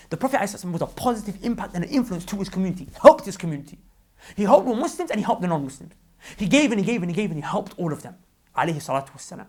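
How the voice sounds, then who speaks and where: A man's voice: sits high, a little mellow, slightly rough. A young British man in a fervent, preachy vlog rant. He often repeats himself as he speaks. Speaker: vlogger. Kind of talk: impassioned religious vlog rant.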